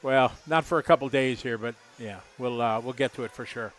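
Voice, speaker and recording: A man's voice: mid-range voice, fairly quick, a bit bright. A middle-aged man doing live race commentary, chatty and rambling, joking with viewers.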